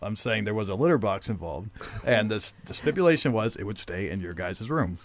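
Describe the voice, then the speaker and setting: A man's voice: lowish voice, lively intonation, brisk, no echo. A man hosting a podcast in casual chat, telling stories in a blunt, ranting way. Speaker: podcast host.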